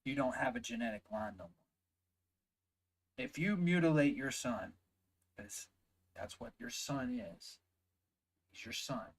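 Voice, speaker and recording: A man's voice: mid-range voice, breathy edge, low-quality recording. A man with a Southern US accent giving heated, emphatic reaction commentary, swearing often and stressing words one by one. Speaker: reaction video host.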